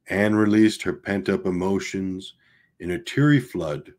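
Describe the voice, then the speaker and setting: A man's voice: deep voice, measured pace, a little mellow. A man reading a novel aloud in an unpolished, homemade style, with restarts and casual asides. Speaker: audiobook reader.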